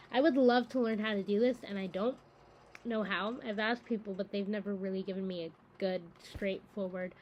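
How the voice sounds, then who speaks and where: A woman's voice: a little high, slight background noise, low-quality recording. A woman hosting a book-reading channel, chatting casually to camera in a rambling, enthusiastic way with lots of fillers.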